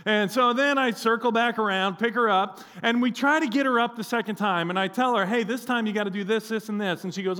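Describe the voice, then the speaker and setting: A man preaching a sermon as pastor, telling a story with lively acted-out quotes. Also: high voice, moderate pace, hardly any pauses.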